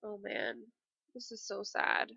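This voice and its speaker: A woman's voice: medium pitch, big pitch swings, takes it slowly, creaky, bright, forceful tone, husky, dry recording, dull audio. A woman giving casual, emotional commentary while playing a life-simulation game, with frequent dramatic exclamations. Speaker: let's play gamer.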